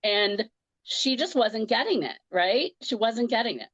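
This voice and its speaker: A woman, a comedian and grief counselor, telling a personal story in an animated conversational way. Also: fairly high pitch, measured pace, slightly rough, dry recording, dull audio. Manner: animated, laughs through a painful story.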